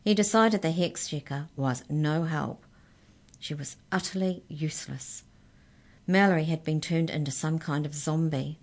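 A woman reads a children's story aloud in a low, gentle voice. Her narration is expressive and measured, made to carry a young listener through the tale.

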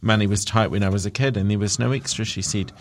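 A man's voice: on the low side, steady tone, quick pace. A man hosting a show, reading celebrity news with chatty asides and jokes, often stumbling over words. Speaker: radio host.

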